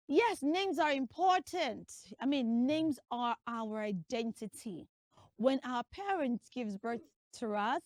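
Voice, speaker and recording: High-voiced woman hosting a kids' lesson. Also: no echo, studio quality. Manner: lively, sing-song, drills children with call and repeat. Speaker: children's show host. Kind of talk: teaching children's pronunciation lesson.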